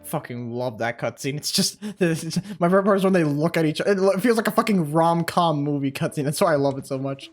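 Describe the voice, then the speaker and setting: Young male let's-play host, high voice, excitable and profane, quick to laugh. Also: soft background music. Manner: excitable, swears often, laughs a lot. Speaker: gaming channel host. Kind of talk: casual let's play commentary.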